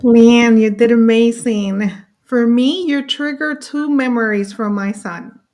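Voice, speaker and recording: A woman on a video call telling animated personal stories as a summit panelist, acting out the voices in them. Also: fairly high pitch, takes it slowly. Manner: lively, acts out voices in her stories.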